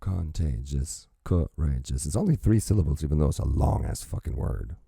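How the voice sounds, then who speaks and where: Very deep gravelly-voiced man. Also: expressive, dark tone, dry recording, studio quality. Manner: profane, pauses music to quote and comment. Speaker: reaction video host. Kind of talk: casual reaction commentary.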